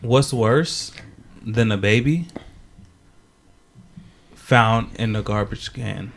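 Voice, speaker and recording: A man's voice: on the low side, very slow, creaky. A man telling jokes in a casual podcast chat, laughing often, repeating himself and stumbling through his lines. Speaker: podcast co-host. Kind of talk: casual joke-telling banter.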